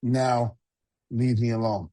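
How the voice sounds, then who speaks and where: A man voicing a blunt giant of a wrestler in a retold story, turning down a fan in a flat, matter-of-fact way. The voice is close and dry, with little room sound. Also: medium pitch, slow pace, no room sound, natural voice.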